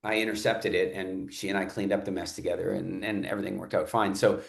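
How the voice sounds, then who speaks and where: A middle-aged man hosting a podcast interview, telling stories in an earnest, animated way with frequent restarts. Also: deep voice, fast talker, gravelly, background noise. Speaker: podcast host. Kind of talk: conversational interview storytelling. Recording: roomy echo.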